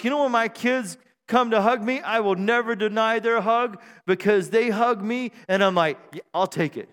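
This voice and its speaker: A middle-aged male pastor preaching a sermon on a church stage mic, joking and self-deprecating, then building to shouted praise. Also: very high-pitched. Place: church sanctuary. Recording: long hall reverb in a church.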